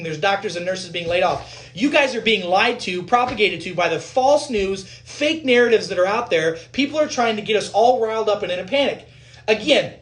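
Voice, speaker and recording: A physician giving a heated, blunt and profane rant to viewers, repeating points for emphasis. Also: mid-range voice.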